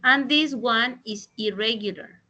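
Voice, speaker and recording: A woman teaching an English grammar lesson over a video call, explaining slowly and deliberately. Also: a little high, pushed and bright, rough recording. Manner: slow, deliberate explanations with Spanish translations. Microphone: computer mic in a video call.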